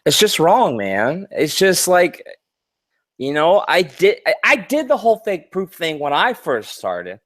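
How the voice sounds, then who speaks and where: A man's voice: a little high, wildly swooping pitch, measured pace, fairly bright tone, no echo. A man on a casual podcast, ranting in a heated, profane way, stammering and restarting as he gets worked up, nearly in tears. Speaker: podcast co-host.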